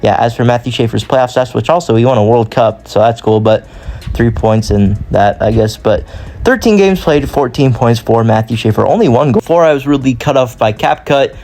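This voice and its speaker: A man's voice: mid-range voice, a little mellow. A young man talking through a hockey sim career in casual commentary, rambling and often correcting himself mid-sentence. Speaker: gaming YouTuber.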